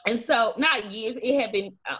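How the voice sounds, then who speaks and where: A woman's voice: a little high, normal speed, pushed and bright, breathy edge. A woman from Alabama, telling her story as a guest, earnestly and acting out the voices of people in it. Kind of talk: personal testimony in an interview. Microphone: video call. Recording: dull lo-fi video call audio.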